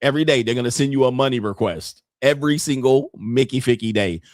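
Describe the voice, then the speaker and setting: A man's voice: medium pitch, fast, no echo. A man hosting a casual commentary show, talking bluntly and profanely and laughing often between points. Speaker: commentary host.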